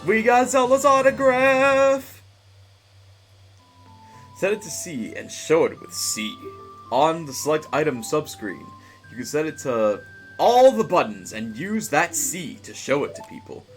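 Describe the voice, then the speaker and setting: Homme bavard qui commente un jeu. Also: male voice, mid-range voice, very animated, measured pace, faint music behind. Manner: chatty, rambling, laughs often, many fillers. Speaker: game streamer. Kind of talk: casual live-stream commentary.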